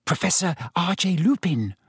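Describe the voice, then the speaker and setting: A man voicing a clever teenage girl witch who answers promptly in a hushed voice in a storybook reading. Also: sits high, expressive, slow, breathy edge, no echo, clean studio sound, pitched above the performer's own voice, full character voice. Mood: knowing. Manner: prompt, hushed and matter-of-fact.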